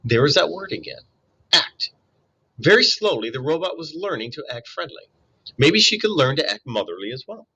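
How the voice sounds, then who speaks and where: A man reading a children's novel aloud in an expressive way, with small slips and self-corrections. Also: on the high side, moderate pace, slightly rough, low-quality recording. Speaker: storybook reader.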